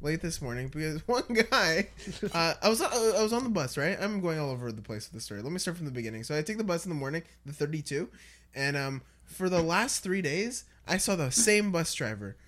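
A man's voice: a little high, lively intonation, fairly quick, a bit bright. A man hosting a casual podcast, telling rambling stories and laughing often as he talks. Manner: rambling storyteller, laughs a lot. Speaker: podcast host.

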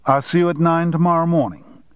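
A man voicing a smooth, extravagant male foundation director with a genial, slightly raised tone. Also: a little high, fairly even intonation, a little fast, no room sound, phone-quality sound, voice pushed up, lightly acted. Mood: polite.

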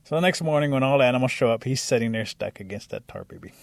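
A man telling a traditional animal folk tale in a lively, animated way. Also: medium pitch, fast, creaky, no room sound. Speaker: storyteller. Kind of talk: oral storytelling.

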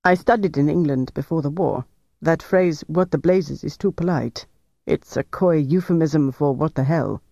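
A man's voice: fairly high pitch, normal speed, creaky, warm tone, no echo. A man reading aloud, voicing a pedantic male officer who corrects others in a dry way. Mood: dismissive.

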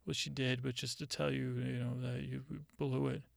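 A man telling a meandering personal anecdote, halting and restarting his sentences as he goes. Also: mid-range voice, level tone, vocal fry, no echo, studio quality. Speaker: storyteller.

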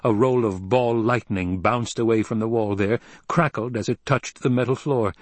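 A man narrating an audiobook in a steady, even storytelling manner. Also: medium pitch, moderate pace, no room sound. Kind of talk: scripted narration.

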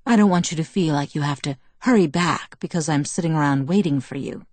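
A woman reading the lines of a calm, protective young man in a soft, measured, reassuring way, recorded on a close studio mic. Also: deep voice, no echo. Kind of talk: audiobook dialogue reading.

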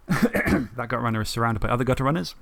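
A man on a podcast, telling the story of a tabletop game match in a lively way, swearing and acting out his own thoughts. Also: medium pitch, a little fast, creaky, no room sound. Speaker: podcast co-host. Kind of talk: casual tabletop game recap.

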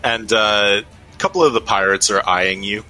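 A man narrates a tabletop game as its game master. His voice is low and bright, and he hesitates with many fillers. Faint music plays underneath. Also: normal speed.

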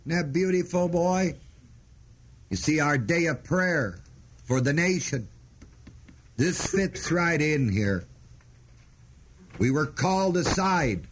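A man teaching a sermon, slow and emphatic, repeating key phrases as he explains the words of a verse. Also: on the high side, slight background noise. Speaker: preacher.

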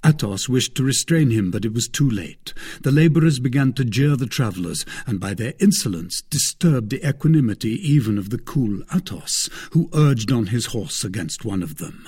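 Husky male audiobook narrator. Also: mid-range voice, normal speed, hardly any pauses. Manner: steady, even reading of a classic novel. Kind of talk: scripted narration.

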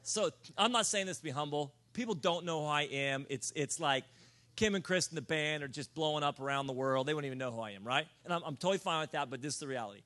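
A man with a high, bright-toned voice preaches to a room. He tells self-mocking stories in an animated way and breaks into loud comic shouts. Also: fast talker. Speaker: pastor. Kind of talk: sermon storytelling. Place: church or conference room.

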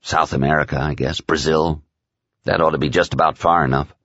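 A male narrator voices a nervous, miserable crony in a low, choked, subdued tone that hesitates as he speaks. The voice sits deep, and the recording is dry and slightly dull. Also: steady tone, a little fast, fairly bright tone, no echo, full character voice. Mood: anxious.

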